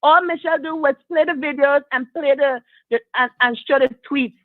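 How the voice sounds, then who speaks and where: A woman's voice: high voice, moderate pace, no echo. A woman from Trinidad calling into a live talk show, speaking emphatically about her views. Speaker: caller. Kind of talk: call-in show opinion. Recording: tinny phone line, dry.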